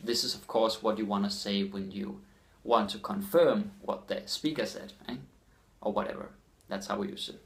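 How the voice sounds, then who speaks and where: A man with a Danish accent teaching his language in a casual lesson, repeating phrases slowly for learners. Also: on the low side. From Denmark.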